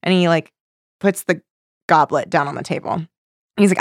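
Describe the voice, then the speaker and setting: A woman's voice: fairly low pitch, moderate pace, dry recording, studio quality. A woman co-hosting a casual podcast chat, telling rambling stories with plenty of swearing and laughter. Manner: rambling storyteller, swears freely, laughs often. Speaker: podcast co-host.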